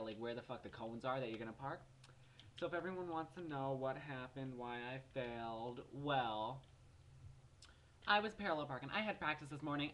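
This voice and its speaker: Profane, exasperated seventeen-year-old guy vlogging. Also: mid-range voice. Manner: animated, profane, exasperated storytelling. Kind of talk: casual vlog rant.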